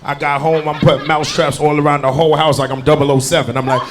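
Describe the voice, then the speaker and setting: A young man from New Jersey doing a stand-up comedy set, an animated storyteller who jumps into loud shouted bits. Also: a little high, quick pace, slight background noise. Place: comedy club stage with audience laughter.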